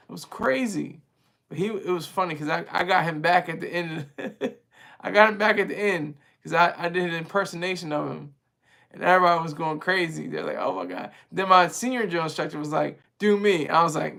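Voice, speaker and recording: A man with a somewhat high, gravelly voice hosts a casual livestream and talks straight to his viewers. He rambles in a chatty way and is quick to laugh. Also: a bit bright. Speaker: livestream host reading viewer chat.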